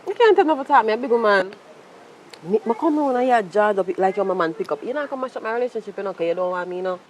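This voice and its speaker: An actress with a Jamaican accent playing a brash, flirtatious bartender who taunts and scolds in heavy patois. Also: female voice, mid-range voice, very fast, a little mellow, slight background noise, natural voice, low-quality recording. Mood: scolding. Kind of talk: web series acting.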